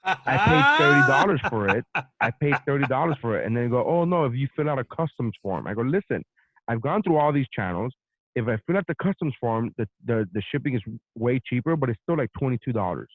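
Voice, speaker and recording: A man hosting a podcast, telling a story in a profane, animated casual rant. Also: medium pitch, fairly quick, no echo. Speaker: podcast host. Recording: dry, phone-like narrow sound.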